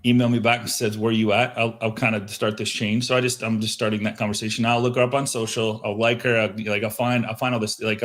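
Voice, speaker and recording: A man hosting a live show, coaching listeners on sales outreach and telling lively stories of his phone calls. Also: mid-range voice. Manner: animated storyteller acting out phone calls. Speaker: host. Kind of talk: casual coaching talk. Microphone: headset microphone.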